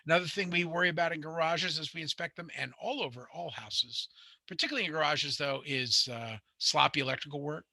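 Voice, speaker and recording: A man's voice: on the high side, a little fast, vocal fry, bright, forceful tone, dry recording. A middle-aged man, teaching a home inspection class in a rambling, conversational way, full of fillers and restarts. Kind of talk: classroom lecture with anecdotes.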